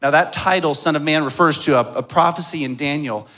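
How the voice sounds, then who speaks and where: Male pastor, fairly high voice, storytelling sermon with hushed lows and emphatic peaks. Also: brisk. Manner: storytelling, swings from soft and hushed to loud and emphatic.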